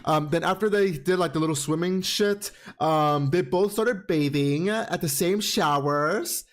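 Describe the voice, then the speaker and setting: A podcast host recaps comics on his casual show, sassy and expressive, swearing freely and repeating dramatic exclamations. His voice is a little high and his pace unhurried.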